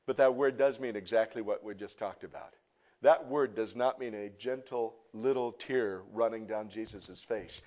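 A middle-aged male pastor preaching to a congregation, swinging from soft, hushed teaching to loud, impassioned outbursts and joking with the crowd. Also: on the high side, sing-song, a little slow. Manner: jokes and teases the congregation. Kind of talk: sermon. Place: church before a live congregation.

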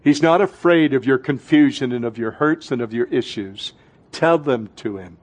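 A man preaching a fervent sermon as pastor, swinging between loud, urgent lines and hushed ones. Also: medium pitch, normal speed.

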